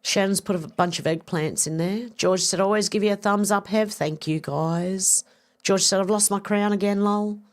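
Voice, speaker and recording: With a mid-range voice, a steady tone and normal speed, a middle-aged Australian woman reads viewer comments on her livestream. The chat is casual and loose, with some swearing mixed in.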